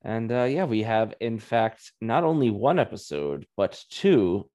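A man's voice: lowish voice, animated, a little slow, warm tone. A man co-hosting a podcast, chatting casually and wryly with plenty of "uh"s. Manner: wry, joking, with frequent filler "uh". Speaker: podcast co-host. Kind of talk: casual podcast review chat.

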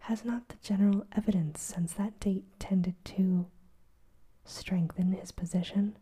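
Woman doing a whispered role-play of an earnest young reporter, hesitant, dark breathy whisper. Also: medium pitch, steady tone, unhurried. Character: earnest young male Irish journalist, nervous but bold.

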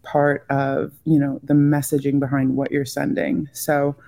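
A woman's voice: extremely low pitch, completely flat delivery, unhurried, vocal fry, mellow. A woman being interviewed about designing greeting cards, chatting casually and filling her talk with "like" and "you know.". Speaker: guest, greeting card designer.

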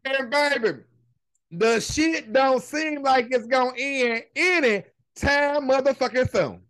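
A woman's voice: high-pitched, slow, fairly bright tone. A woman hosting a podcast, giving casual commentary in an emphatic, heavily profane rant that stretches out her swear words. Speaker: podcast host.

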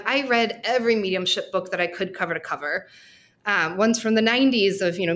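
A woman speaking at a middle pitch as a podcast guest. She tells her story candidly and at length, with heartfelt openness and an easy, conversational flow. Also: a bit bright. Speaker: guest, social work researcher. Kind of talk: personal storytelling in a podcast interview.

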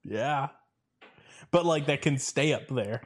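An easygoing man co-hosting a casual podcast, quick to agree and toss in a dry aside. His voice sits at a middling pitch and stays relaxed in conversation. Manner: easygoing, agreeable, chimes in with short replies. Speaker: podcast co-host. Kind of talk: casual chat.

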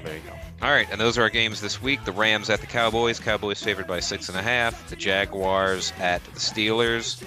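A man hosting a casual sports podcast, running briskly through the week's matchups with loose, profane banter. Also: lowish voice, steady tone, music in the background. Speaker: podcast host reading the game lines.

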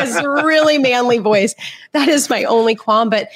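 A woman's voice: a little high, normal speed. A woman co-hosting a casual chat, enthusiastic and often laughing. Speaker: co-host.

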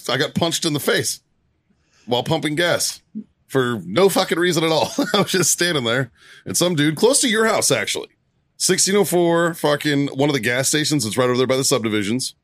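A man's voice: on the high side, brisk, no echo, studio quality. A man telling a story with lots of swearing and frequent laughs in a casual podcast chat among friends. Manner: profane, laughing often, animated retelling. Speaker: podcast co-host.

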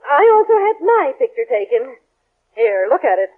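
A woman's voice: sing-song, normal speed. An actress playing a flustered, indignant middle-aged mother in a 1940s radio sitcom, theatrical and exclaiming. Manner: theatrical, exclaiming, sweeping pitch. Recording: tinny old radio broadcast.

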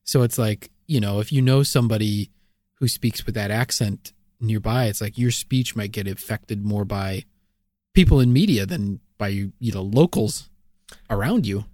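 Relaxed explaining podcast man. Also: lowish voice, moderate pace, no echo, clean studio sound. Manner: relaxed and explanatory, with many fillers. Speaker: podcast co-host. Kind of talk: casual chat.

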